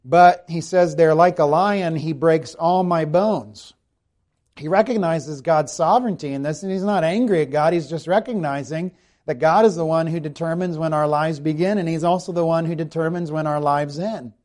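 Male pastor, expository sermon, reads scripture slowly; a touch higher than average pitch. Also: darkish tone. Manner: expository preaching, rhetorical questions to the congregation.

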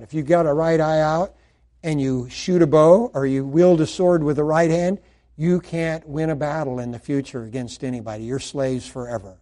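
Male preacher, middle-aged, lively sermon delivery, loud then hushed, slightly high voice. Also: normal speed. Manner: animated preaching with shifts between loud and hushed.

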